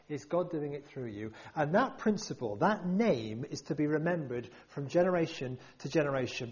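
A man's voice: fairly high pitch, muffled recording. A man preaching a sermon to a congregation, emphatic and full of rhetorical questions.

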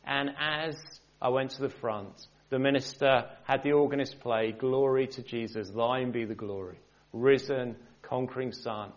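A man speaks as a minister, telling his personal faith story to a church gathering. His delivery is conversational, with light joking asides. The recording is muffled and lo-fi. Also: mid-range voice. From England. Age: 40s. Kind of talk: personal testimony in a church talk.

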